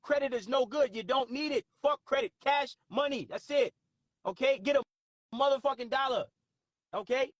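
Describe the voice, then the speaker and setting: A man hosting a talk stream with callers, speaking in a profane, forceful, preachy way. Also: very high voice, normal speed, no room sound, clean studio sound. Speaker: host.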